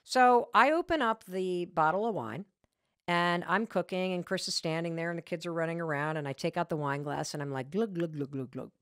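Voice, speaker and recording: A podcast host with a lowish, clear, resonant voice speaks fairly quickly in a studio-quality recording with no room sound. Her motivational talk weaves in her own stories with emphatic, self-mocking candor and mild profanity. She keeps repeating her key points.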